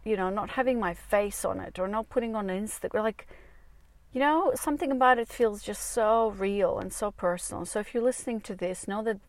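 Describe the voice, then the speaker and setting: A woman's voice: medium pitch, brisk, no room sound. A woman hosting her own podcast, talking candidly and rambling, swearing freely, recorded in a parked car on a small mic plugged into her phone. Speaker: podcast host and dating coach. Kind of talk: candid solo podcast monologue. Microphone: small clip-on mic on a phone.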